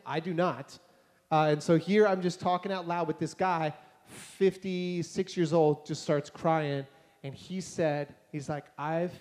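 Young guy pastor, kinda high voice, casual storytelling sermon, acts out the convos. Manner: conversational, animated, acts out dialogue. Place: church hall before a congregation.

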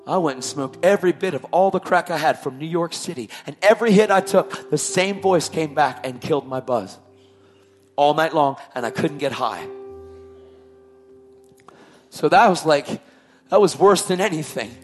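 A man's voice: on the high side, animated, moderate pace, pauses often, soft background music. A man telling his personal testimony in an emphatic way, repeating his phrases for weight. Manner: emphatic, repetitive storytelling. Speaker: testimony speaker.

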